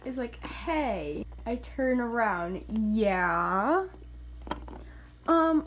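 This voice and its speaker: A woman's voice: high-pitched, noisy background. A woman vlogger telling a story in casual chat, filler-heavy and quoting voices with animation. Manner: chatty, filler-heavy, often says "like".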